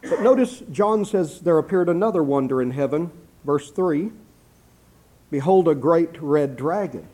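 Measured man preaching a Bible sermon. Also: on the high side, warm tone. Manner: measured, slows for quoted scripture, repeats "if you please". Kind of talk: expository sermon.

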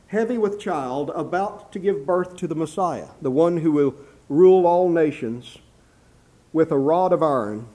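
A man preaching a sermon verse by verse, slowing down to read scripture aloud and often adding "if you please" as an aside. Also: a little high, dark tone. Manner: measured, slows for quoted scripture, repeats "if you please". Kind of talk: expository sermon.

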